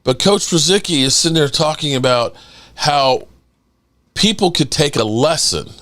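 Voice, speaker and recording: This middle-aged podcast host runs a casual livestream and spins an animated story, voicing the quotes himself and dropping casual swears. His voice is on the high side, at a normal speed.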